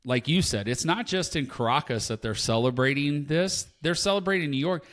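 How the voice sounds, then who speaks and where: A man's voice: on the high side, moderate pace, fairly bright tone. Heated, emphatic male podcast co-host. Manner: heated, emphatic, repeats points. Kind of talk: casual opinion chat.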